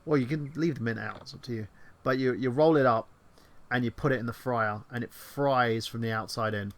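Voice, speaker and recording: A man co-hosting a casual online chat show, rambling excitedly and swearing freely. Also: medium pitch, brisk. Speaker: podcast co-host.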